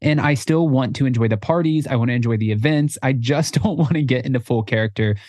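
A man's voice: medium pitch, fast talker, a little mellow, dry recording, studio quality. A man co-hosting a casual podcast, playful and self-deprecating as he tells stories. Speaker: co-host.

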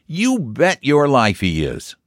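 Guy doing a cocky young dude, slow drawl, way higher than his normal voice. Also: huge pitch swings, no room sound, clean studio sound. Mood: assured. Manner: slow, assured, emphatic. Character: confident young man hosting, drawling, sure of himself.

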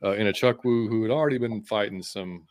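A man co-hosting a casual podcast, relaxed and rambling as he runs through team news. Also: fairly low pitch, a little fast, dry recording. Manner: laid-back, many fillers, reads out team news. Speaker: podcast co-host. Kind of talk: casual chat.

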